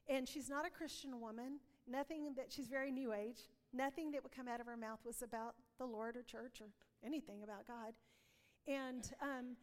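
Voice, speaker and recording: A woman's voice: high-pitched, big-room sound. A woman giving an earnest testimony sermon, telling stories and acting out dialogue. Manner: earnest storytelling, acts out dialogue. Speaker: preacher.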